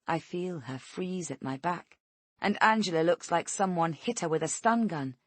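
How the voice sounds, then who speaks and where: A woman narrates a tense first-person thriller in a steady reading voice that sits a little low. The recording is close and dry, with no room sound. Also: normal speed, no room sound. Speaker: audiobook narrator.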